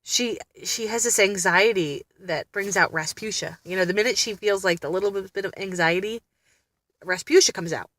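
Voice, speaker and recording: Speaking at normal speed with a medium pitch and fairly bright tone, a mother chats to camera about family therapy. She's candid, blunt and exasperated, laughing a lot through this casual vlog.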